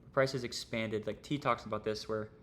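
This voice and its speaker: A man's voice: on the low side, fairly even intonation, a little fast, fairly bright tone, a little hiss or hum. A young man teaching trading on a livestream, casual and rambling, full of slang and fillers. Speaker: trading streamer.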